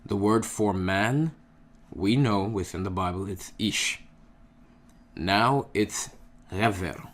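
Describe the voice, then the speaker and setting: A man teaching a casual lesson, patient and unhurried, who keeps checking in with "okay?" while he writes out examples. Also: fairly low pitch, fairly bright tone. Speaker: Hebrew language teacher.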